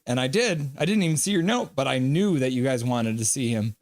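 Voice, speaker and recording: Here a middle-aged livestream host with an expressive, medium-pitched voice reads out viewer comments in a playful way. Watching hockey, he slips into quick play-by-play commentary. The recording is dry.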